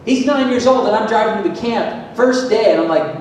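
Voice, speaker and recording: Man from Florida, motivational talk, emphatic and lively, fairly high voice, roomy echo. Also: brisk. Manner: lively, emphatic, asks the audience questions. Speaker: motivational speaker at a school event. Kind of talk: energetic public talk to an audience. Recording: echoey hall, distant mic, faint rumble.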